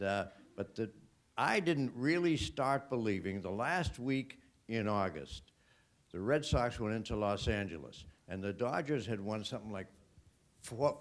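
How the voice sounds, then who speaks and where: A man with a mid-range voice looks back on a season at a live panel. He is reflective and hesitant, filling his pauses with small ums and uhs. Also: medium pitch. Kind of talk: reminiscing at a panel discussion. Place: hotel event room.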